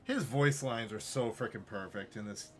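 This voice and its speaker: A man's voice: on the low side, moderate pace. A man streaming a video game, chatting casually and joking between moves. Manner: relaxed, joking asides while playing. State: slight tickle in throat. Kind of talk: casual gameplay chat.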